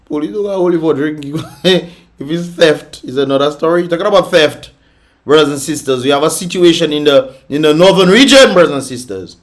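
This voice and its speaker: A man's voice: a little high, expressive, brisk. A man hosting a casual reaction vlog, chatty and laughing often, with Caribbean creole phrasing. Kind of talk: casual commentary on viral videos.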